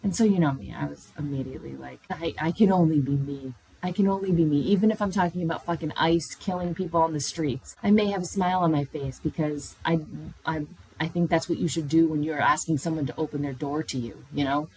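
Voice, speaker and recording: A woman hosting her own podcast, telling personal stories in a candid, animated way, swearing freely. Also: fairly quick, slight background noise, rough recording. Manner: animated, swears freely, jumps into high voices when quoting herself. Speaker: podcast host. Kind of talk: candid solo podcast storytelling.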